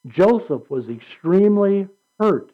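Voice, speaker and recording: A man preaching a sermon with an animated delivery, reading scripture aloud and acting out quotes. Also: high-pitched, unhurried. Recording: dull lo-fi recording.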